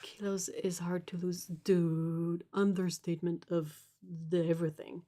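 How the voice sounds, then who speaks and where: Mellow-voiced woman chatting while painting. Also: lowish voice, level tone, a little slow. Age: 40s. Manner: chatty, reads viewer comments aloud, laughs at own jokes. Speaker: art livestream host. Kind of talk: casual live-stream chat while painting.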